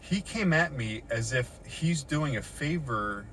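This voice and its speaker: A man's voice: mid-range voice, expressive, measured pace, fairly bright tone, a little hiss or hum. A shaken middle-aged man in a parked car, giving an agitated account with swearing and repetition, recorded on a phone. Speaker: vlogger recounting an encounter. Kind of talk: agitated first-person account. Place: inside a parked car in a parking lot.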